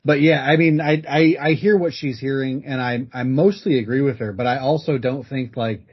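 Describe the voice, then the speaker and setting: A man co-hosting a podcast, laid-back and a bit hesitant, his husky voice set in a mid range. The recording is lo-fi and muffled. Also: medium pitch, moderate pace. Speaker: podcast co-host. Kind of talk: casual chat.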